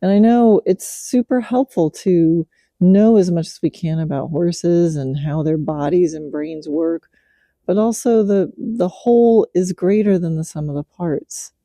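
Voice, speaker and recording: A middle-aged woman, a horse trainer, chatting in a relaxed way while she works her horse at night and coaxes him with gentle praise. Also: lowish voice, a little slow, no room sound, studio quality. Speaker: podcast host, horse trainer. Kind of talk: casual spoken reflection while working a horse.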